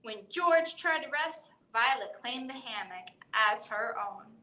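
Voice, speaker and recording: A woman reads a children's bedtime story in a high, bright voice, unhurried and expressive. She drops in playful animal noises as she goes. Her voice rings in a roomy library space. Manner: expressive, voicing animal sounds. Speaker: children's librarian reading aloud. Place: library room.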